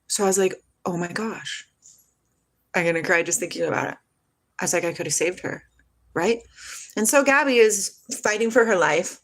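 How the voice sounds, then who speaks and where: Woman livestreaming from home, rambly and emotional, kinda low voice, swears a bit. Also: moderate pace, pauses often, fairly bright tone. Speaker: vlogger telling a personal story. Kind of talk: casual storytelling to a live chat.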